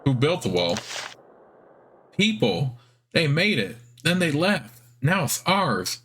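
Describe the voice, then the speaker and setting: A naive giant spider from a fantasy game squeaks out short, simple sentences in a high, childlike voice, as a man puts it on while reading the dialogue. The voice sits well above ordinary talk, with a light, innocent manner. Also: big pitch swings, slow, fairly bright tone, slightly rough, exaggerated voice. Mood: chirpy friendly.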